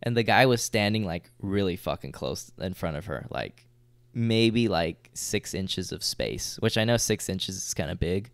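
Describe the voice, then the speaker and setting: A man's voice: low-pitched, lively intonation, unhurried, no echo. A young man co-hosting a podcast, telling a story in a loose, slangy, swear-filled way. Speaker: podcast co-host. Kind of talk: casual storytelling chat.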